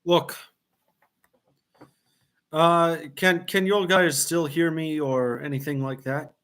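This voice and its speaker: Male livestream host, casual and apologetic, slow and drawn-out delivery, doing dishes at home. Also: on the high side, fairly even intonation, a bit bright. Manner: rambling, apologetic, laughing. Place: home kitchen, washing dishes.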